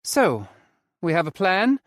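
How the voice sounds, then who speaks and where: A man's voice: huge pitch swings, slow pace, no room sound, clean studio sound, full character voice. Cheeky young man, as a male narrator puts him on. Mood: playful. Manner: teasing, lilting and raised in pitch. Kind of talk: audiobook character voice.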